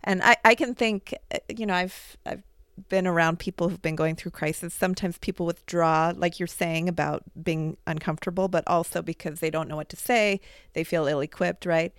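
A woman hosting an interview, talking in a calm, reflective way with hesitant fillers. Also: lowish voice, moderate pace, clean tone, no room sound, clean studio sound. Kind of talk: interview conversation.

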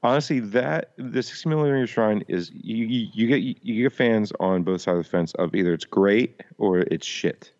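A man with a low voice grumbles sarcastically through a podcast chat, and his audio sounds dull and lo-fi. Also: moderate pace, few pauses, darkish tone. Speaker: podcast co-host. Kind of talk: casual chat.

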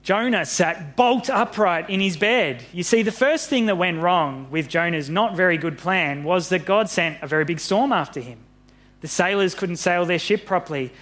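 A man reading a Bible story aloud to children in an animated, friendly way. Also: on the high side, measured pace. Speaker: pastor.

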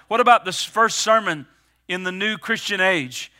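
A middle-aged man preaching a sermon as pastor, stressing words with slowed, emphatic pauses. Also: high voice, sharp tone.

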